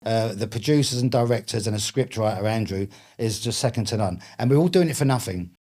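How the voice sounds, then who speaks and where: Warm, lowish and expressive, the voice belongs to a middle-aged man with a Cockney accent who talks a little fast. He's an author and actor appearing as a guest, trading swear-laden, jokey anecdotes in relaxed interview chat.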